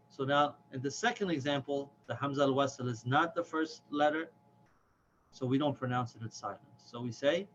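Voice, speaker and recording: A man giving a patient step-by-step lesson on Quran reading, stretching the example words out slowly. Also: mid-range voice. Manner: patient, slow, drawn-out chanted examples. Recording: dull lo-fi with faint hiss.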